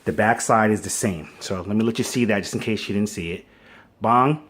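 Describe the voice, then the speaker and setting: A man's voice: on the low side, quick pace. A man in casual, rambling talk, unboxing a kitchen appliance at home and filming on a phone propped on a stand. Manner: laid-back, rambling, slangy. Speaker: unboxing vlogger. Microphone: phone on a wobbly stand.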